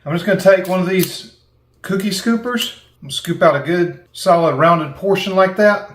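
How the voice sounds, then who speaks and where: A man's voice: high-pitched, moderate pace. A middle-aged man with a Southern American accent, demonstrating a recipe as the host of a cooking channel in a folksy, chatty way.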